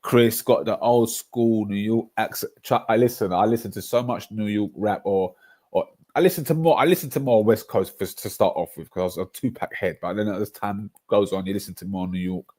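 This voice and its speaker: A man with a London accent hosting a casual football livestream, talking in an animated way, laughing often and reading out chat. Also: on the low side, brisk. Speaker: streamer.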